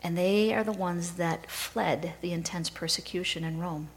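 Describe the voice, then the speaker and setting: A woman pastor preaching a sermon in a measured storytelling way. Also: fairly low pitch, steady tone, rough recording.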